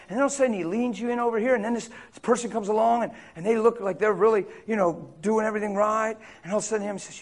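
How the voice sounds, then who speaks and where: A man preaching to a congregation, animated and conversational, sometimes dropping to a hushed voice to act out a tempting whisper. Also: sits high, very fast, few pauses. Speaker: pastor. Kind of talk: sermon.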